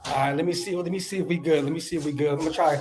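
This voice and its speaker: A man hosting a casual livestream podcast outdoors at home, talking in hyped slang and giving shout-outs to viewers. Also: fairly high pitch, steady tone, racing, noisy background. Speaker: podcast host.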